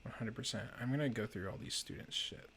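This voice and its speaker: A man's voice: on the low side, fast, vocal fry, fairly bright tone, slight background noise. A man chatting casually while playing a video game, swearing and panicking at times. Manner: swears a lot, panicky outbursts. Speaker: let's play host. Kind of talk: casual gameplay chat.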